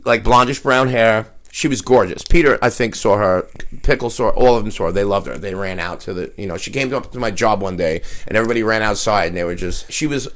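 A man's voice: on the low side, quick pace. A man telling a brash, profane anecdote in casual chat, acting out the lines of the people in it.

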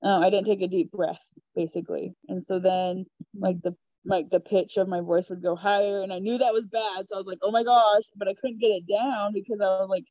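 A young woman telling a personal story in a chatty, giggly, animated way. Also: medium pitch, fairly quick, no echo, muffled recording. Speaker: podcast guest. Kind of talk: casual storytelling.

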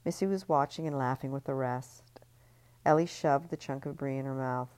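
Very deep-voiced woman reading a novel. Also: dry recording. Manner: calm, measured, occasional restarts. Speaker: author reading her novel. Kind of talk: audiobook-style novel reading.

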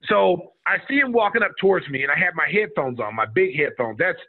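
Middle-aged man, ex-player storyteller, lively quotes, tinny radio sound. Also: high-pitched, brisk. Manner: animated, acts out quotes of others. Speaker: former college basketball player telling a story. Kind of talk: casual storytelling on a radio show. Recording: tinny phone-like radio audio.

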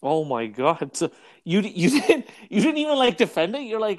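A man in casual podcast chat, joking and animated, often laughing. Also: high voice, normal speed. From North America.

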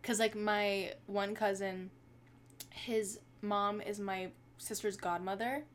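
A woman's voice: medium pitch, steady tone, takes it slowly, a little hiss or hum. A young woman co-hosting a podcast, gushing and chatting casually with lots of filler words. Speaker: podcast co-host. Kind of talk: casual chat.

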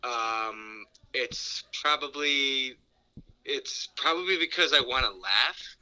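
A man's voice: medium pitch, slow pace, bright, forceful tone, clean tone. A man on a phone call, casually telling a rambling story with laughs and backtracks. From New York. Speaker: phone-in guest. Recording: phone line.

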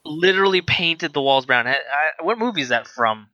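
A man's voice: a little high, lively intonation, moderate pace, bright, forceful tone, dry recording, lo-fi sound. A man in casual chat, telling a rambling work story with restarts and acted-out dialogue.

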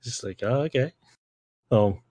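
A man's voice: medium pitch, unhurried, dark tone, breathy edge, no room sound, clean studio sound. A young man hosting a podcast, talking in a rambling, slangy way, swearing and saying "like" constantly. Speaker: podcast host. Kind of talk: casual podcast chat.

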